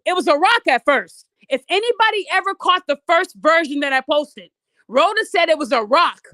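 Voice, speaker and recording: Very high-voiced woman ranting bluntly. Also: expressive, normal speed, pushed and bright, dry recording, studio quality. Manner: blunt, profane, emphatic; talks straight to her audience. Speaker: podcast host. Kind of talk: ranting commentary.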